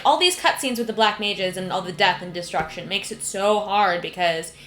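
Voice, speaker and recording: A young woman streaming a video game, chatting casually and emotionally with lots of fillers and soft laughs. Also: medium pitch. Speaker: gaming streamer. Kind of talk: casual let's-play commentary. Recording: echoey room, game music behind.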